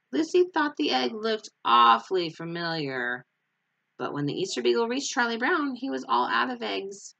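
Expressive, lively woman reading aloud. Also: medium pitch, vocal fry. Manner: expressive storytelling. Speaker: teacher. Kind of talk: reading a picture book aloud.

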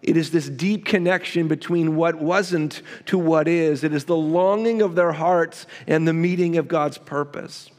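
A male pastor preaching a sermon, with emphatic repetition and quick asides to the congregation. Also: fairly high pitch, steady tone, big-room sound.

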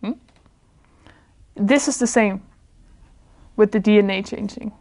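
A woman's voice: medium pitch, unhurried, darkish tone. A woman giving an informal spiritual talk to a small group indoors. She sounds earnest, searches for her words, and often laughs. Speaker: spiritual speaker.

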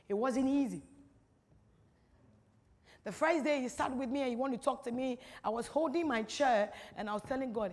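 A woman giving a personal testimony in a large hall, speaking emphatically, repeating phrases and swinging from hushed to loud. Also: high-pitched, normal speed, long pauses. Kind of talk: personal testimony at a church-style gathering. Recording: reverberant hall.

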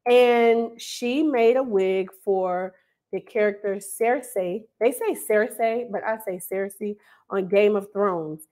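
A woman's voice: mid-range voice, takes it slowly, mellow. A woman from North Carolina hosting a casual live stream, reading out viewers' names and laughing often as she welcomes them. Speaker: host of an online hair school livestream.

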